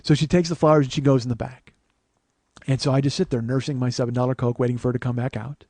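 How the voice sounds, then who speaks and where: A man in his forties telling a long personal story as host, profane, animated and self-mocking. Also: medium pitch, quick pace, dry recording. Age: 40s. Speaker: podcast host.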